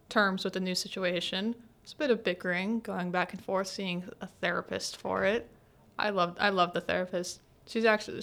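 A young woman hosting a student podcast, retelling scenes in a chatty, animated way with lots of filler words and acted-out quotes. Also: on the low side, gravelly. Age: young adult. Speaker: podcast host. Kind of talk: casual solo podcast recap.

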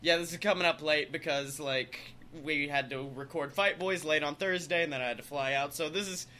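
A young man hosting a podcast in casual chat, telling stories in an animated way and acting out the people in them. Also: a little high, fairly quick, slight background noise. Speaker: podcast host.

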